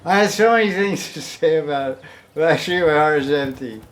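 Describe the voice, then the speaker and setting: A man's voice: a little high, brisk. A man teaching a devotional class in a loose, conversational way, often chuckling and acting out the pleas he quotes. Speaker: spiritual teacher.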